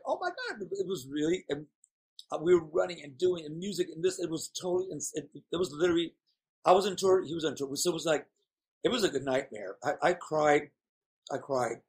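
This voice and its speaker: Husky guy rambling through candid stories, slightly high voice. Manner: rambling storyteller, playful and candid. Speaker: guest performer. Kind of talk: casual chat.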